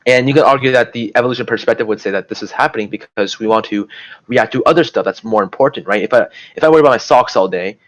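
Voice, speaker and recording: Fast-talking young man explaining. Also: medium pitch, rough recording. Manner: rambling, filler-heavy, restarts often. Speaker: student tutor. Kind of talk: casual lecture to camera.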